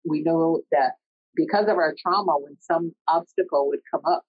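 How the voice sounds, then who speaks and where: A middle-aged woman telling a personal story in an earnest, conversational way, often pausing mid-sentence. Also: deep voice, husky. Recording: dull lo-fi recording.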